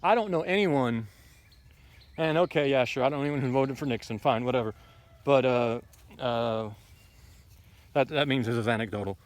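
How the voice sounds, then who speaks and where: A man's voice: medium pitch, moderate pace, long pauses. A man giving a casual, rambling tour of his garden outdoors. He is blunt and opinionated and fills his talk with ums and asides. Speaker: homesteading vlogger.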